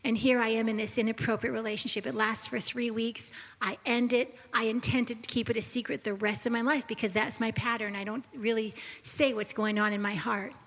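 On a Christian talk show, a woman gives a personal testimony, earnest and confessional, sometimes sinking to a soft whisper. She speaks fairly quickly in a fairly high, steady voice within a large hall.

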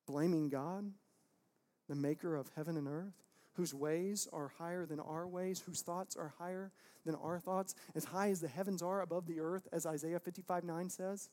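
A man in his thirties preaching a sermon in a church, dropping to quiet, intimate tones and then breaking into loud, emphatic outbursts. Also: on the high side, fairly even intonation, moderate pace. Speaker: pastor.

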